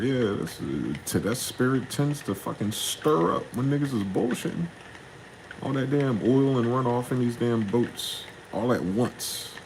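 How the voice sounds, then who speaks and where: A young man, ranting in a casual, profane solo monologue, jumping from heated questions to low muttering. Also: creaky, darkish tone, slight background noise, rough recording. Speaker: podcast host.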